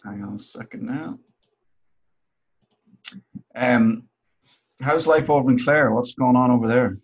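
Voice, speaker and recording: Husky man, lo-fi call audio. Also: mid-range voice, measured pace. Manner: joking, deadpan teasing. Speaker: podcast host. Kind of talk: casual chat over a video call. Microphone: video call.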